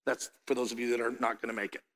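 A man preaching a sermon as pastor, emphatic, climbing to loud peaks and then dropping soft. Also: mid-range voice, little pitch movement, very fast. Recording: long hall reverb.

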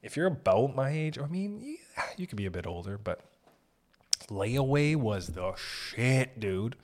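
With a stuffy nose and a Canadian accent, a man in his thirties hosts a podcast and delivers a casual comedic monologue that's rambling, jokey, and profane. He speaks at a measured pace in a mid-range, sing-song voice.

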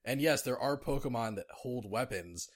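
A man's voice: medium pitch, lively intonation, moderate pace. A man co-hosting a casual podcast, rambling with lots of filler words and restarts. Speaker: podcast co-host.

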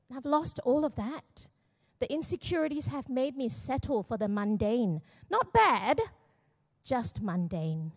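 A middle-aged woman pastor giving a candid, self-deprecating personal testimony at church, with jokes mixed in. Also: mid-range voice. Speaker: young adults pastor.

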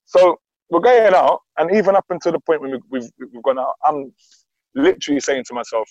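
A man telling a story with lively energy and acting out the voices of the people in it. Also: fairly high pitch, brisk, no echo. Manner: lively, acts out quoted dialogue. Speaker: guest. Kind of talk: animated storytelling. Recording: dull, dry sound.

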